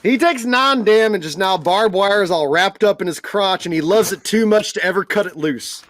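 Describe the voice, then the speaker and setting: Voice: medium pitch, normal speed, a bit bright, a little hiss or hum. A game master narrating a tabletop game, laughing often and telling it with crude, playful humor.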